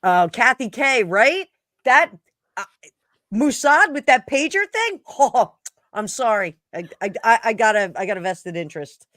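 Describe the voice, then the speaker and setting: A woman's voice: on the high side, very animated, a little slow, fairly bright tone, dry recording, clean studio sound. A woman from New Jersey co-hosting a tarot show in casual, joking chat, laughing often. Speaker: tarot reader co-host.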